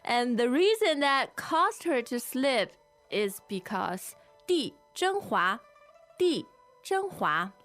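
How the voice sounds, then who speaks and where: A woman's voice: high voice, sing-song, a bit bright, soft background music. A woman teaching Mandarin as co-host of a language lesson, whose first language is Mandarin, saying phrases twice over to model them. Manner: models Chinese phrases slowly and repeats them.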